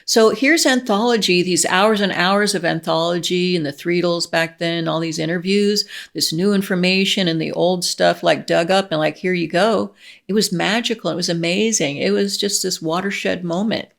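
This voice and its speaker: Gravelly, gushing middle-aged woman. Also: lowish voice, moderate pace. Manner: gushing, excitable, many restarts and laughs. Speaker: vlogger. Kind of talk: casual chat to camera.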